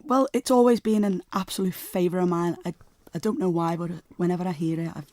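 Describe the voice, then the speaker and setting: A woman's voice: on the low side, fairly even intonation, fast talker, dark tone, no echo. A woman from Liverpool, a singer guest on a radio show, chatting enthusiastically in a studio and chipping in with short remarks. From Liverpool, England. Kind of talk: casual interview chat.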